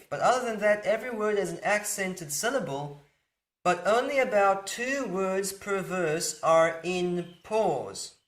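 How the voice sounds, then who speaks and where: Male teacher, high-pitched, unhurried; patient, repeats key points while explaining grammar. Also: a bit bright. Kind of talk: slow explanatory lecture.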